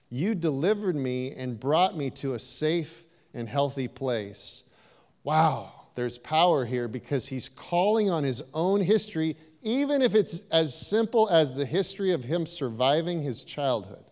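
A man preaching a sermon, animated and playful, acting out little voices and joking with the congregation. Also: medium pitch. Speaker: pastor. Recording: long hall reverb.

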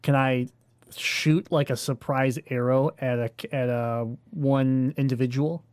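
A man playing in a tabletop game, working through his plans out loud with hesitant pauses. His voice is mid-pitched and the sound is dry and close. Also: fairly even intonation, smooth, no room sound. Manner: thinking aloud, hesitant. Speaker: player. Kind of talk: casual tabletop game chat.

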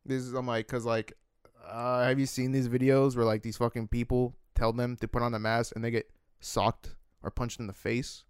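A man's voice: medium pitch, little pitch movement, moderate pace, clean tone, no room sound, clean studio sound. A young man co-hosting a casual podcast chat, telling stories full of swearing and acted-out quotes. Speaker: podcast co-host reading chat.

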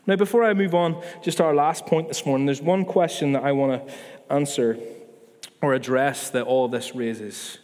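Earnest preacher in a reverberant hall. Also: male voice, medium pitch, darkish tone. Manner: earnest, conversational preaching with restarts and asides. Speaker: pastor. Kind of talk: sermon. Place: church hall.

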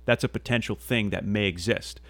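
Low, earnest rambling man. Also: brisk, fairly bright tone, dry recording. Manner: rambling, earnest, many restarts and fillers; casual swearing. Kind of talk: casual conversational monologue.

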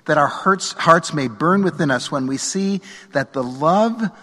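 A middle-aged man preaching a sermon from a church pulpit, measured and earnest, letting his phrase endings fall softly. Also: a little high, animated. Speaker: pastor. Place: church sanctuary. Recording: long church reverb.

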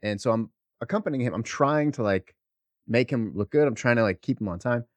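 Guy co-hosting a podcast, swears a lot, gets animated telling stories, dry sound. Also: mid-range voice, brisk, dry recording. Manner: profane, animated storytelling with laughs. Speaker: podcast co-host. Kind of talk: casual chat, storytelling.

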